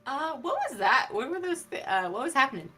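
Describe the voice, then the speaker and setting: Woman player in a tabletop game: a bit high, bright, chatty and hesitant. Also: very animated, fairly quick, faint music behind. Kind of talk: casual tabletop role-play.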